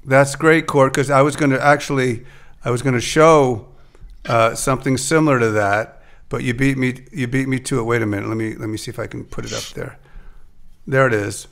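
A man's voice: medium pitch, steady tone, fairly quick, vocal fry, a bit bright. Hesitant man hosting a podcast chat. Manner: conversational, hesitant with frequent restarts. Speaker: podcast host. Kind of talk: casual chat.

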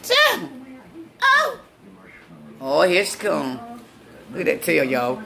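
A woman, vlogging at home on her phone in loud, profane, laughing banter. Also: low-pitched, unhurried, creaky, a crowd in the background. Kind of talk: casual home vlog. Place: home, indoors then outdoors at night.

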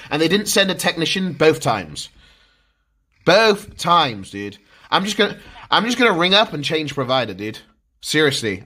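A man's voice: on the high side, sharp tone. A man livestreaming, ranting in exasperation about his internet, swearing constantly and repeating himself. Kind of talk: frustrated livestream rant.

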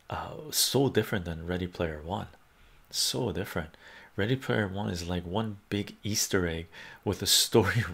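A man's voice: on the low side, creaky, husky. A man hosting a casual livestream about movies, reading viewers' chat aloud and answering them with lots of fillers. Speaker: livestream host.

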